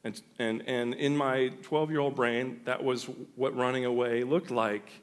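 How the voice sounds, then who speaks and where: A male pastor telling a personal story in a sermon, animated and full of restarts. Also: medium pitch, a little slow. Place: church sanctuary.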